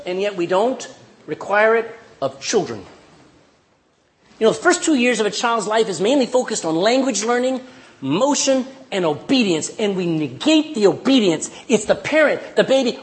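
A middle-aged male preacher with a high, lifted voice delivers a lively sermon. He drives his points home with repetition and slips into little acted-out scenes. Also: slow pace, pauses often, a faint crowd. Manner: animated, acts out little scenes, emphatic repetition.

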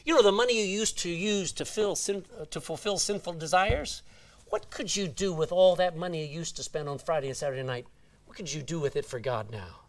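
A man's voice: fairly high pitch, brisk. A man preaching a sermon, reading scripture aloud and asking the congregation "Amen?".

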